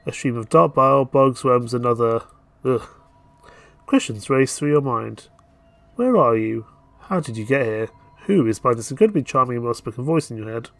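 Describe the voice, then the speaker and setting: A male streamer reads a game's story text aloud and breaks off into playful jokes. His voice has a gravelly fry and sits at an ordinary male pitch. The sound is dry and close. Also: moderate pace, no room sound. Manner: playful, jokey asides between narration. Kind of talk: reading a game aloud with commentary.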